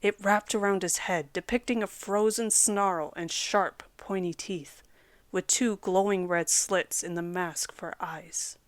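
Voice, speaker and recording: A woman reading a scripted horror story aloud as its narrator, in a steady storytelling delivery. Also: mid-range voice, measured pace, no echo.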